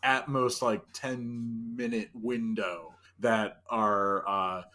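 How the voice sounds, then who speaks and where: A man's voice: lowish voice, level tone, very slow, sharp tone, soft background music. Guy in his 30s rambling through a childhood story on a podcast, tons of likes and restarts. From New Jersey. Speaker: podcast co-host. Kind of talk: casual chat.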